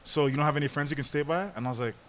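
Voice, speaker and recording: A man's voice: a little high, rapid-fire, fairly bright tone, slight background noise. A young man telling a long personal story on a podcast in a casual way, with lots of fillers and laughter. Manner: laid-back, laughs often, lots of fillers. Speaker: podcast host.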